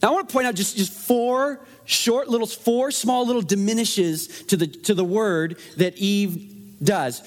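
A man preaching a sermon in a conversational, animated way, asking the room rhetorical questions. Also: high-pitched, unhurried. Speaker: pastor.

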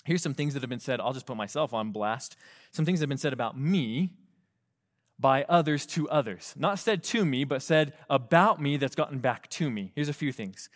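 A male pastor preaching a sermon, animated, asking the congregation rhetorical questions and acting out quoted voices. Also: medium pitch, normal speed.

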